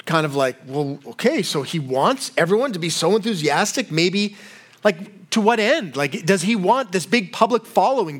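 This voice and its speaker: A pastor with a high-pitched, fairly bright voice preaches a sermon. His style is conversational, and he frequently asks rhetorical questions.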